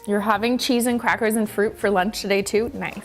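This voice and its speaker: A woman's voice: medium pitch, steady tone, brisk, soft background music. A woman hosting a casual live-stream cooking chat from her kitchen, playful and giggly. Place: home kitchen.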